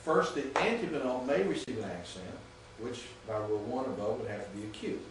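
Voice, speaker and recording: A man's voice: medium pitch, sing-song, brisk, far from the mic, a little hiss or hum. A man teaching a classroom lecture, patient and often checking that students understand. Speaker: Greek teacher. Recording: echoey room recorded from afar.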